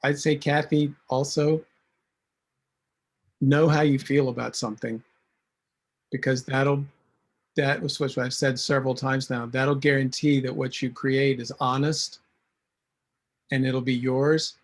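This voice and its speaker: A man's voice: mid-range voice, level tone, measured pace, long pauses. A man cartoonist speaking earnestly on a panel, often restarting his sentences. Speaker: cartoonist and designer. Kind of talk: panel discussion.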